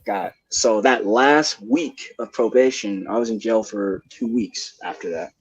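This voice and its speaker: A man's voice: fairly low pitch, measured pace, husky, no echo. Rambling young man telling a story. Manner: rambling, laughing, heavy slang and swearing. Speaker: panelist. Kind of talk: casual storytelling. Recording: dull lo-fi live stream audio.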